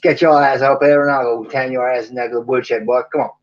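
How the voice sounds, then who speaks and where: A man putting on a gruff, rowdy Southern cowboy with a blustering, threatening drawl. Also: mid-range voice, fairly even intonation, fast, dull audio, natural voice.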